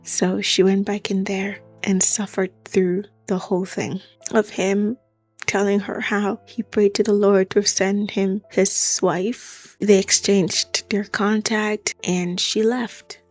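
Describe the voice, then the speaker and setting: A woman's voice: mid-range voice, flat delivery, slow pace, darkish tone, no echo, faint music behind. A woman telling a true story in a chatty, casual way, with asides to the listener.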